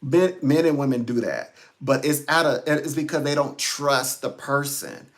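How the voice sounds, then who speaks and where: A man's voice: medium pitch, a little slow. A man giving a rambling live-stream talk as a psychic reader, chatty, laughing often and quoting people in little voices.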